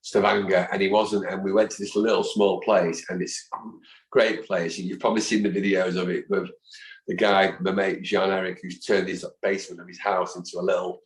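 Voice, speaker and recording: A man in his fifties, a guest in a casual interview, telling animated anecdotes and acting out the voices of people he quotes. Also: sits low, fairly quick. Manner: animated storyteller who acts out quoted voices. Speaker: guest, football fan. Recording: echoey room.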